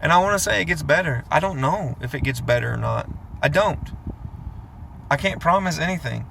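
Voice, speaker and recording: A man's voice: on the high side, gravelly, bright, forceful tone, slight background noise. A man in his thirties giving an earnest, rambling, emotional confessional vlog monologue, recorded in a vehicle. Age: 30s.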